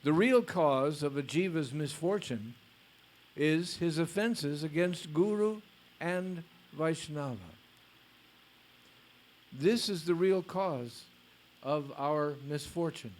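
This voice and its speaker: A male spiritual teacher giving a lecture, reading a story aloud in a deliberate way with blunt casual asides. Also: a little high.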